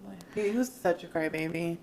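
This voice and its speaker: A woman in her thirties co-hosting a podcast, telling animated, sweary childhood stories in casual chat. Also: lowish voice, fast talker, gravelly, a little hiss or hum. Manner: animated storytelling, swears freely. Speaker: podcast co-host.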